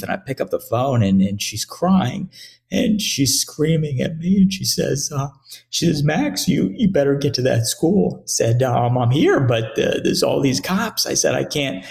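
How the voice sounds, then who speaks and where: A middle-aged man recounting a painful personal story as an interview guest, halting and repeating words, his voice rising sharply as he quotes others. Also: fairly low pitch. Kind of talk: emotional personal account in an interview.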